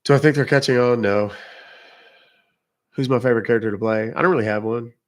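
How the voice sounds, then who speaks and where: Speaking fast at a medium pitch, a British-accented man from England runs a livestream, chatting casually with viewers in a loose, meandering way and breaking into his own sentences.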